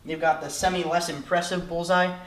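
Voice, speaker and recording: A man's voice: on the high side, flat delivery, fairly quick, roomy sound. A young man in his late teens giving a jokey tutorial, rambling and self-mocking, with lots of filler. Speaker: vlogger. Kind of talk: comedic tutorial.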